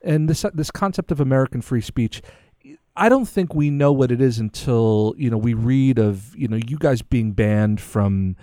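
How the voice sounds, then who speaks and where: A man's voice: medium pitch, moderate pace, dark tone, dry recording, studio quality. A man interviewing a guest, asking long, rambling questions that he restarts as he thinks aloud.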